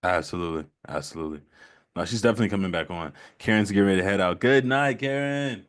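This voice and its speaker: A man's voice: low-pitched, fast talker, clear, resonant tone, no echo, studio quality. A man hosting a casual live stream chat while painting, laid-back, laughing often and repeating himself. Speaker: livestream host.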